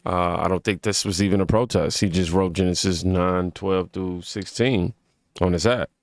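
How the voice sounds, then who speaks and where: A man's voice: sits low, steady tone, normal speed, dry recording, studio quality. A man hosting a casual reaction commentary, reading aloud and then talking loosely with viewers. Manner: reads scripture aloud, then talks loosely and informally. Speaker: commentary video host.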